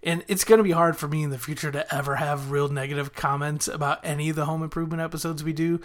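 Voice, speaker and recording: A man's voice: on the high side, fairly even intonation, fast. A man hosting a podcast, recapping a TV episode in an enthusiastic, rambling way with frequent chuckles. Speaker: podcast host reviewing a TV episode.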